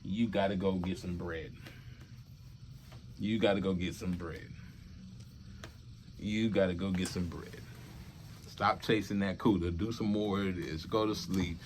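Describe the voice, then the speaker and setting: A young man talking to his viewers in a loose, repetitive monologue, murmuring low and then bursting out loud to make a point. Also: steady tone, a little slow, long pauses, a little hiss or hum. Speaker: vlogger. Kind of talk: casual rambling monologue.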